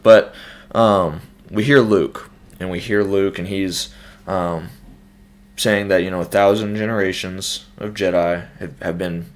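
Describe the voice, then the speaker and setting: A man's voice: sits low, fairly even intonation, measured pace. A young man hosting a casual, loose trailer breakdown, thinking aloud with many fillers and restarts. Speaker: host.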